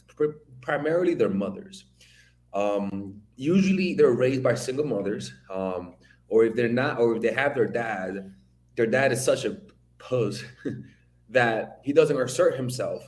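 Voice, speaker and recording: Male commentator from the Dominican Republic, blunt and profane, on a roomy, echoey recording. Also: mid-range voice. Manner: blunt, profane, animated storytelling. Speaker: video commentator. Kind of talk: opinion commentary monologue.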